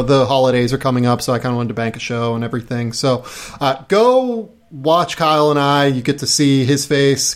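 A man hosting a casual podcast chat, talkative and self-deprecating. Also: medium pitch. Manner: chatty, self-deprecating, quick asides. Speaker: podcast host.

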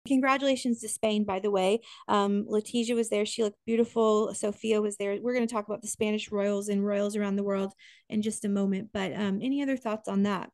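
An enthusiastic woman co-hosts a casual podcast, often breaking off and restarting her sentences. Her voice sits at a middle pitch. The sound is close and dry, with no room echo. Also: steady tone, brisk, a little mellow. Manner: chatty, enthusiastic, self-interrupting. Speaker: podcast co-host.

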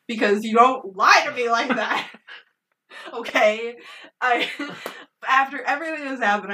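A woman's voice: mid-range voice, sharp tone, far from the mic, low-quality recording. A woman co-hosting a podcast, retelling a film in an emphatic, profane and emotional way. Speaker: podcast co-host. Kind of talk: casual movie review chat.

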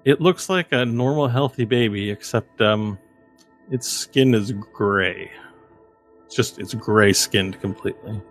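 Low-voiced man narrating a tabletop game. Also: measured pace, soft background music. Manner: descriptive, meandering, many fillers. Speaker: game master.

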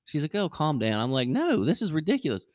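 A middle-aged man hosting a podcast, telling a casual story and jumping his voice up high when he acts out what people said. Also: quick pace, no echo, studio quality. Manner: animated, jumps high when acting out quotes. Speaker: podcast host.

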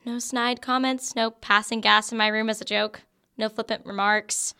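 A young woman acting a college student who lives in a frat house, quick to bicker, in an audio drama. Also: a little high, flat delivery, pushed and bright, smooth. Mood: lively. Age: young adult.

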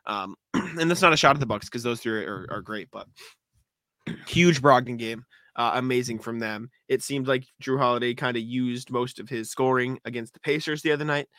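A man co-hosting a casual sports podcast, recapping a game with frequent throat clearing and stammered restarts. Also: mid-range voice, moderate pace, pushed and bright, no echo, studio quality. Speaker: podcast co-host.

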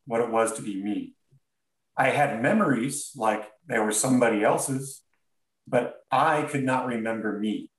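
A man in a podcast interview tells his own story in an earnest, halting way, often stopping and restarting his sentences. His voice sits at an ordinary middle pitch. The sound is roomy and comes from some distance off the mic. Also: fairly bright tone. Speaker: podcast guest. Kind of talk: reflective storytelling.

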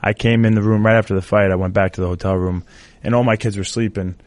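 A man, a fighter guest in an interview, speaking haltingly and getting choked up. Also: on the low side, fairly even intonation, no echo. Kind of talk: casual interview talk.

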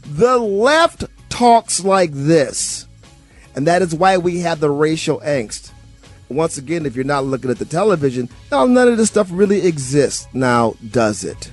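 A man filling in as a talk radio host, giving an animated, sarcastic monologue and chuckling at times. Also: on the high side, moderate pace, faint music behind.

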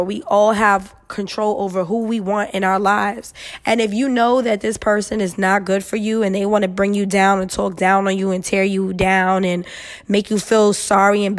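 A young adult woman hosting an advice podcast, reading listener emails and giving blunt, profane, animated advice. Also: mid-range voice. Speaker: podcast host.

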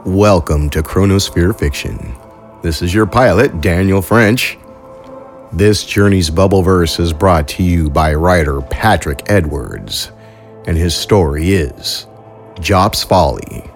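Deep-voiced male audio drama narrator. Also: takes it slowly, faint music behind. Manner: relaxed, conversational. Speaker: host and narrator. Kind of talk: scripted narration.

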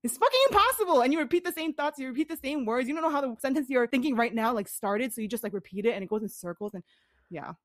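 Woman on a podcast talking real fast, higher voice, blunt and sweary, dry sound. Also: animated, a bit bright, no room sound. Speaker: podcast co-host. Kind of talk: candid casual podcast chat.

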